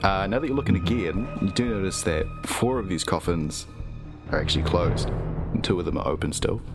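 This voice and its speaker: A very low-voiced man narrating as game master, drawing out his descriptions slowly with the odd filler word. Soft music sits faintly behind him. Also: gravelly.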